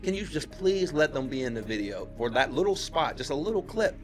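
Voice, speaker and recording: A man from Pittsburgh, a podcast guest, telling a story in casual chat and acting out the quotes with his voice jumping up high. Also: brisk, faint music behind. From Pittsburgh, USA. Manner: animated retelling, acts out quotes with rising pitch.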